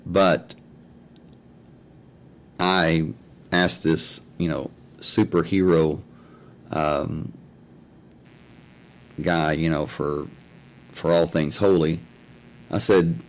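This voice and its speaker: A man's voice: very deep voice, fairly even intonation, very slow, pauses often, low-quality recording. A man hosting his own talk show, telling a story in a rambling way and repeating "I said" and "he says" over and over. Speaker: host of an online talk show. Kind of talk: casual spoken storytelling. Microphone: own mic and mixer setup at home.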